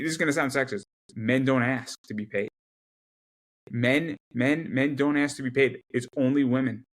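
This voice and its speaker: A man as an interview guest in casual chat, talking emphatically with many quick repeated restarts. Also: medium pitch. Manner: rapid repetitive restarts, emphatic.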